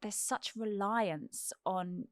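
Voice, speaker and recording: A woman co-hosting a casual current-affairs chat, lively and frank. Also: mid-range voice, very slow, dry recording, clean studio sound. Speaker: co-host.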